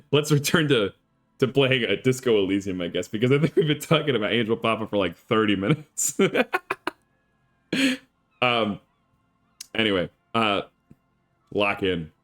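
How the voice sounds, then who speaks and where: A man streaming a game, chatting casually with an animated, rambling storytelling manner. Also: on the low side, moderate pace, long pauses. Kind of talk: casual chat while playing a game. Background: faint game music.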